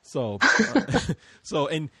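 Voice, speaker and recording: An American man hosting a casual group podcast, loud, laughing and swearing freely. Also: fairly high pitch, big pitch swings, extremely slow, husky, no room sound. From United States. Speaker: podcast host.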